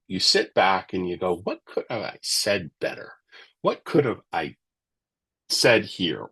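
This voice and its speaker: Reflective, rambling man with a low voice. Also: a bit bright. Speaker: book club member. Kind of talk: casual group discussion.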